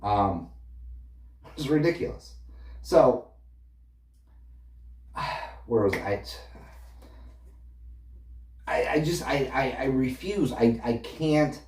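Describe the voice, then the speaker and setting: A man's voice: medium pitch, animated, very slow, long pauses, a little mellow. Opinionated man ranting in an echoey room. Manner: opinionated, dismissive, stat-heavy. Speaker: sports fan ranting. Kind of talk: casual football rant. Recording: echoey room, a little far from the mic.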